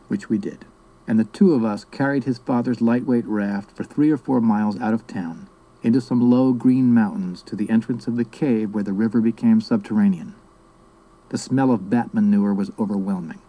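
Dark-voiced man narrating a memoir. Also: mid-range voice, rough recording. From South America. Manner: steady, measured storytelling. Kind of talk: audiobook memoir reading.

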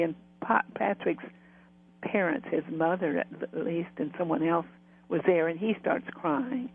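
Over tinny, narrow audio, a spiritual medium guesting on an interview rambles through stories, laughing and frequently restarting. His voice is on the high side, a little slow, creaky and husky.

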